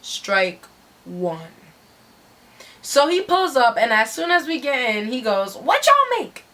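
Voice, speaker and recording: A woman's voice: fairly high pitch, sing-song, slow, a bit bright. A woman giving a dramatic story reading in a brash, profane, slangy way.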